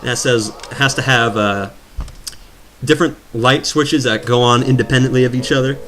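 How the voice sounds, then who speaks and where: A man's voice: medium pitch, fairly even intonation, normal speed, fairly bright tone, slight background noise. A man rambling and joking as he commentates his own gameplay, drifting from topic to topic. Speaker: let's play commentator. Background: video game music.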